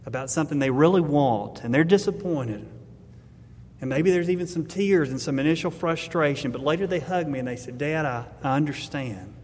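A man's voice: fairly high pitch, darkish tone. A middle-aged man, a pastor preaching a sermon, earnest and building to emphatic exhortation, with a fatherly tone. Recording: long hall reverb.

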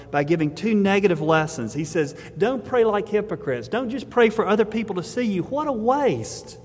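A man's voice: on the high side, a little hiss or hum. A middle-aged man, a pastor preaching a sermon, earnest and building to emphatic exhortation, with a fatherly tone. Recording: long hall reverb.

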